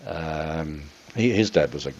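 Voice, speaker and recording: A man's voice: extremely low pitch, expressive, a little slow, darkish tone, highs cut off. An older man from Australia, a former radio presenter, reminiscing in an interview with a rambling manner and many ums and restarts.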